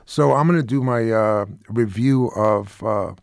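A man's voice: on the low side, measured pace, gravelly, no echo. A man hosting a comedy radio show in a studio, rambling sarcastically with lots of fillers. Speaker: radio host. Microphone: studio mic.

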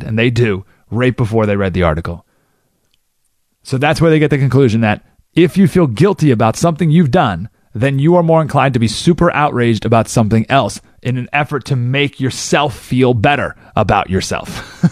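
A male radio talk host explains his point with a lively voice that rises and falls. He speaks into a studio microphone, and the sound is close and dry. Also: medium pitch, dry recording. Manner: animated, acts out quoted people.

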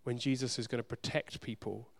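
A man preaching a sermon, speaking earnestly and directly to his congregation, swinging from loud urgency to soft hushed moments. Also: medium pitch, steady tone, a little fast, creaky. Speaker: pastor.

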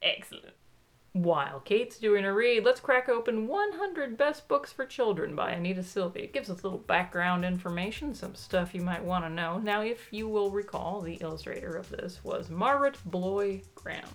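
A woman co-hosting a relaxed chat about children's books. She teases her partner, drops jokey asides and keeps the talk moving in a playful, easy way. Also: medium pitch, moderate pace. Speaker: podcast co-host. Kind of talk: casual chat.

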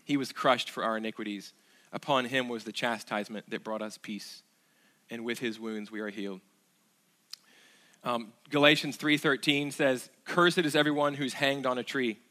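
A man's voice: mid-range voice, moderate pace, pushed and bright. A man preaching a sermon as pastor, earnest, asking the congregation rhetorical questions, with fillers and restarts.

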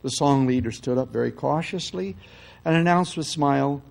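An older man giving a conversational spiritual lecture as a teacher, often pausing to check in with his listeners. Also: medium pitch, gravelly, darkish tone, rough recording. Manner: conversational, often checks in with "okay?" and "you see".

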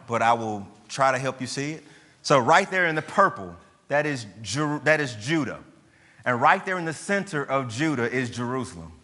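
A man's voice: mid-range voice, pushed and bright. Pastor guy preaching, punchy rhetorical questions, big echoey church hall. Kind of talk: sermon. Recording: long hall reverb.

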